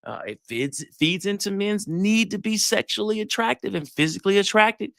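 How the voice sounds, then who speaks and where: A middle-aged man, a psychologist giving a lively live talk. He tells stories, acts out the dialogue and keeps asking the crowd if they get it. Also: high voice, moderate pace, creaky, dry recording, clean studio sound. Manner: animated storytelling, acts out dialogue, asks the crowd questions. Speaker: psychologist giving relationship advice.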